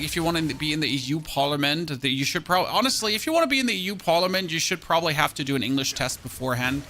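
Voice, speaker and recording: A man from Germany with a German accent, chatting casually with his live-stream chat while gaming, self-mocking and quick to exclaim. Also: a little high, bright, forceful tone, slight background noise. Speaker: game streamer.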